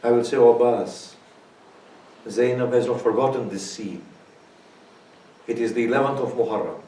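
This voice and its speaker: A man's voice: medium pitch, normal speed, dark tone. Male preacher for a mourning sermon, lamenting delivery, heard from a distance in a reverberant hall. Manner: lamenting, swelling to impassioned cries in quoted laments. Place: large hall at a religious center.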